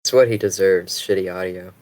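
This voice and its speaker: Low-voiced male podcast co-host, sarcastic one-liners, casual chat. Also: fairly even intonation, a little fast, darkish tone, dry recording, low-quality recording. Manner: dry sarcastic quips. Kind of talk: casual film-review chat.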